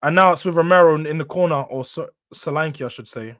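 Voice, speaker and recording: A young man commentating casually on a live match, his voice pitched high and lively. He swings between excited outbursts and tired, low mumbles, and the sound is close and dry with no room around it. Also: quick pace, no echo. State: tired, yawning. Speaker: host of a football watchalong.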